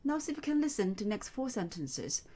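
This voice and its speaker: A woman teaching a beginners' lesson, speaking slowly and patiently and repeating each phrase for the learner. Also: a little high, big pitch swings, warm tone, husky. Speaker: Chinese tutor. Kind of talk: slow, clear language lesson.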